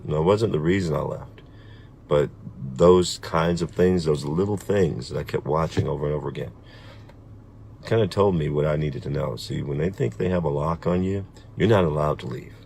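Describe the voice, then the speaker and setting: A middle-aged man speaking in a measured, deliberate, firm way in a personal video message. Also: a bass voice, creaky, darkish tone, slight background noise. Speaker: vlogger.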